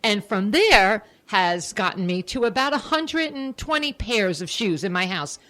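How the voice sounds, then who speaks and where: An older woman from Long Island hosting a radio interview, chatty and effusive, quick to exclaim. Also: medium pitch, lively intonation, a bit bright. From Long Island, New York. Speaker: radio show host. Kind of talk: casual radio interview chat.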